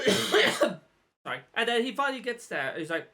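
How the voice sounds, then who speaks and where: A man's voice: high-pitched, big pitch swings, unhurried, bright, forceful tone. Blunt man on a podcast. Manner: blunt, swears, lays out points. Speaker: podcast co-host. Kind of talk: casual chat.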